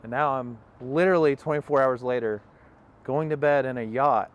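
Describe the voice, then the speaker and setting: A man's voice: medium pitch, moderate pace, muffled recording. Rambling young man telling a road story. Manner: rambling, many fillers and quoted dialogue. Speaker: interview guest. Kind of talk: casual storytelling. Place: outdoors on a farm.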